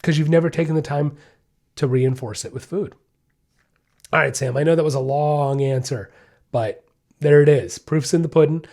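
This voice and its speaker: A man's voice: a little high, normal speed, pauses often, darkish tone. A man hosting a dog-training podcast, explaining in casual, emphatic talk that circles back on his key points and keeps checking that the listener is following. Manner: emphatic, repeats key points, asks "you see what I'm saying?"; acts out the dog's thoughts in quoted asides.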